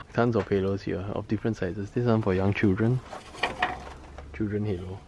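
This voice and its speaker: A man's voice: on the low side, steady tone, a little slow, muffled recording. A young man with a Singaporean English accent, vlogging in a chatty, jokey way and laughing easily as he wanders through shops and streets. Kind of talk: casual vlog narration. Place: out and about in city streets and shops. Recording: noisy outdoor street recording.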